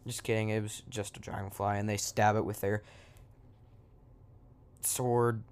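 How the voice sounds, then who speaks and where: A man's voice: on the low side, level tone, a little slow, smooth. A man improvising a silly story in an offhand, joking way, breaking off into asides.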